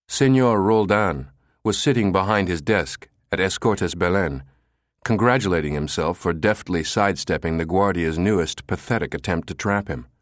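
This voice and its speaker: A male narrator reads a thriller audiobook in a very low, deep voice. His pitch rises and falls with the story. The recording is dry and close to the mic. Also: no room sound. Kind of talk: scripted narration of a thriller novel.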